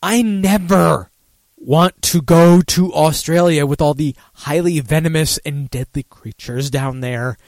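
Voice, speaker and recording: A man's voice: fairly high pitch, a little slow, darkish tone, dry recording. Profane, rambling male radio host. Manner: profane, rambling, laughs at his own jokes. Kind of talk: casual talk-radio banter.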